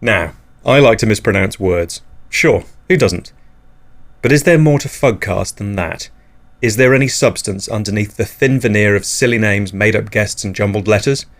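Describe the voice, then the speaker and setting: A man hosting an absurdist comedy podcast, delivering whimsical nonsense in a deadpan way. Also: lowish voice, moderate pace. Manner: deadpan, whimsical, jumps into silly voices. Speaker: podcast host.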